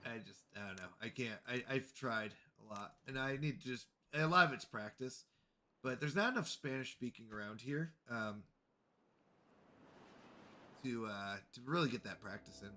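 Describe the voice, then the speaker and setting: A man's voice: medium pitch, expressive, normal speed, bright, forceful tone. A man streaming a game, chatting in a friendly, casual way with his viewers. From Canada. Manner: chatty, friendly, talks to chat. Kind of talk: casual chat while playing a game.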